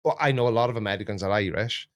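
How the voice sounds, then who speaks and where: A man hosting a casual chat, rambling and jokey, often jumping up in pitch. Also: racing. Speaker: YouTube reaction host.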